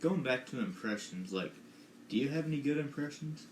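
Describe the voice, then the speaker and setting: This young man co-hosting a casual podcast has a mid-range voice and sounds animated, talking fairly fast while he rambles and hedges. His recording has an echoey room sound with faint noise.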